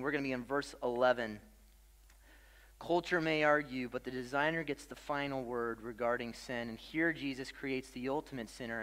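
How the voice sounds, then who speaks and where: A man's voice: medium pitch, a bit bright. Casual preaching man in a reverberant hall. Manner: conversational preaching with casual fillers and dramatic pauses. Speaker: pastor. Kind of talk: sermon.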